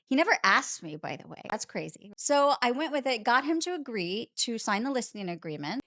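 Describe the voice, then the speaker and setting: Quick chatty woman, real estate agent, kinda high voice, dry close sound, acts out all the quotes. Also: dry recording. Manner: animated, fast-talking anecdote with quoted dialogue. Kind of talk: casual storytelling in conversation.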